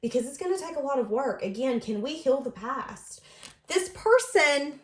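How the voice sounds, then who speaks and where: A woman's voice: high-pitched, expressive, moderate pace, roomy sound. A woman giving a casual tarot reading in an earnest, emotive way, often speaking as if she were the other person. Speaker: tarot reader.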